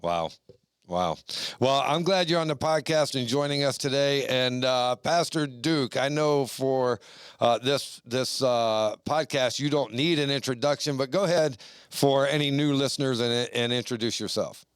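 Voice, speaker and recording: A man's voice: mid-range voice, measured pace, clear, resonant tone, no room sound. A man hosting a casual podcast, chatting in a loose, rambling way full of fillers. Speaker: podcast host.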